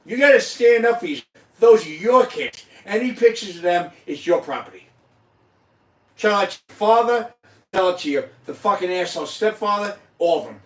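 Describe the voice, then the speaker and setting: A man's voice: high-pitched, lively intonation, normal speed. A man hosting a casual chat, emotional, profane and insistently repeating himself. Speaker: host. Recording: echoey room, mic at a distance.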